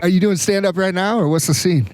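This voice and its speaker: A man's voice: high-pitched, fast talker, over loud music. A man co-hosting, throwing in dry teasing quips in casual chat.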